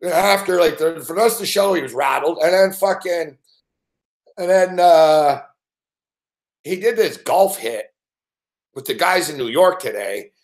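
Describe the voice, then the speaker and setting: Profane, animated man telling a story. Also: on the high side, a little slow, pauses often. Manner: swears constantly, animated, laughs often. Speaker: sports betting show host.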